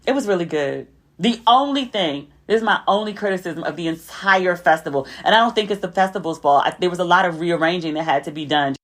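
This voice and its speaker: A woman hosting a podcast, telling stories in a chatty, animated way with asides to her listeners. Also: on the low side, a little fast. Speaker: podcast host. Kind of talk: casual storytelling recap.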